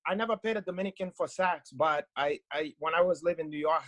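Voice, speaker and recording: A man's voice: fairly high pitch, fast, fairly bright tone. A man, a podcast guest bantering in boastful, joking broken English. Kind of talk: comedic banter.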